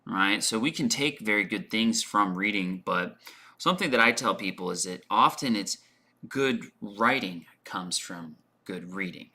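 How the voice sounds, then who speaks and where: A man's voice: on the low side, expressive, unhurried, sharp tone. A man teaching English on a casual livestream, thinking aloud as he answers chat questions with lots of fillers and repeated words.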